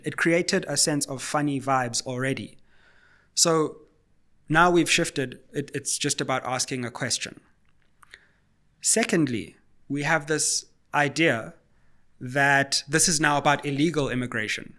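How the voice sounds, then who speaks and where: A man from Africa, hosting a solo political commentary and arguing point by point in a questioning, measured way. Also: medium pitch, bright, forceful tone. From South Africa.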